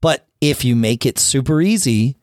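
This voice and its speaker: A man co-hosting a casual business podcast, agreeing with his partner and reasoning ideas through out loud. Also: mid-range voice, expressive, moderate pace, dry recording, studio quality. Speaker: podcast co-host.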